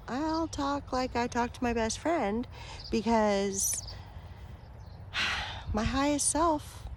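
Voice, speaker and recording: A woman talking straight to her viewers as a spiritual vlogger, earnest and affectionate, rambling with fillers and soft laughs. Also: a little high, slight background noise. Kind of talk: heartfelt direct-to-camera talk.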